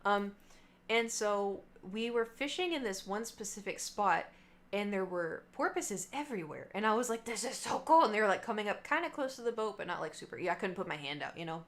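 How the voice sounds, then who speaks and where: A woman's voice: mid-range voice, animated, a little fast. A young adult woman livestreamer in casual chat with her viewers, telling a rambling story full of fillers and asides.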